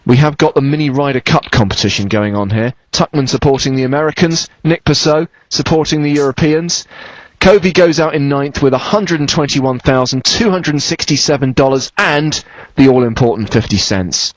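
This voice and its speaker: A man's voice: mid-range voice, no echo. Man calling poker, lo-fi broadcast. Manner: brisk, chatty play-by-play with dry banter. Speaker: poker commentator. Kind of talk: live poker commentary. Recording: slightly dull, lo-fi broadcast sound.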